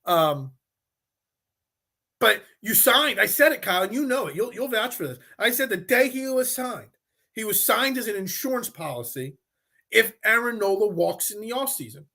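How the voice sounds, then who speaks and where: A male sports talk host who argues his points, stacking restarts and repeated phrases. His voice sits high and sounds bright and forceful. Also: moderate pace, creaky. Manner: animated, repeats himself when making a point.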